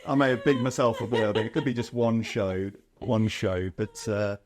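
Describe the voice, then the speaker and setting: A man's voice: lowish voice, fairly even intonation, brisk, background noise. Encouraging male podcast co-host. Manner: brief, encouraging, self-mocking. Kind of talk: casual interview chat.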